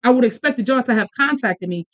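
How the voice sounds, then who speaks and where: A woman in her thirties, a podcast host and mother, telling a story in casual chat with quick bursts, restarts and asides. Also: fairly high pitch, animated, a bit bright.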